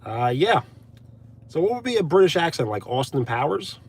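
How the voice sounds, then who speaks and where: A man's voice: fairly high pitch, sing-song, normal speed, a little mellow, husky. Chatty Brooklyn guy streaming from his car. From Brooklyn, USA. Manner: chatty, thanks viewers by name, frequent uh and like fillers. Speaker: live streamer. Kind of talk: casual live stream chat reading comments. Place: inside a car.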